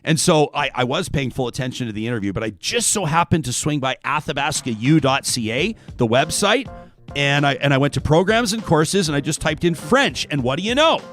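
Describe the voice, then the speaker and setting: A man hosting a talk show, chatting casually and reading listener emails aloud in an animated way. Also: fairly high pitch, a little fast, no echo, soft background music. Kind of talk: radio talk show monologue.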